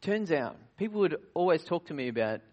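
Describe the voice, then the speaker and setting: A man serving as pastor, preaching earnestly at communion, asking rhetorical questions and sinking to quiet, intimate tones. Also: a little high, sing-song, brisk, dull audio. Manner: earnest, varies loudness widely, drops to near-whisper at times; frequent restarts and rhetorical questions. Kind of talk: communion sermon.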